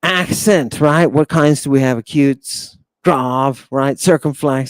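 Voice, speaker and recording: A man's voice: medium pitch, takes it slowly, few pauses, clear, resonant tone, no echo. A man teaching a Greek class, theatrical and emphatic, stretching key words, often asking the room "right?" and sighing in exasperation. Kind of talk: classroom lecture.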